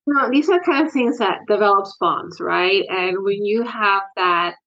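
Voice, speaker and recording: A woman's voice: mid-range voice, lively intonation, unhurried, fairly bright tone, highs cut off. A woman guest talking earnestly and emotionally about her experience as a sports parent in a candid interview.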